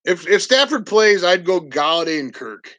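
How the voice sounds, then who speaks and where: A man's voice: high voice, sing-song, moderate pace, bright, forceful tone, no echo. A man co-hosting a fantasy football livestream from his home basement, talking in loose, joking, profane banter. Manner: profane, laid-back joking. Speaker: fantasy football show co-host.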